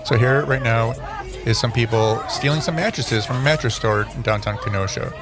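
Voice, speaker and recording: A man's voice: medium pitch, normal speed, crowd noise. A man hosting a podcast, giving casual commentary over news clips in a rambling, self-correcting way with dryly sarcastic asides. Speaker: podcast host.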